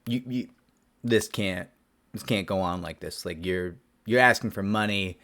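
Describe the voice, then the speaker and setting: A man's voice: low voice, a little slow, fairly bright tone. A man, a lawyer, telling a story to camera in a rambling, self-deprecating way with many restarts.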